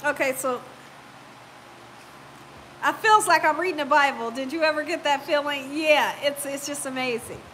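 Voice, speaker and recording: A cooking channel host with a high-pitched voice runs a casual live stream, chatting warmly, laughing easily, and reading viewer comments aloud despite a lingering cough. The recording is low quality, with slight background noise.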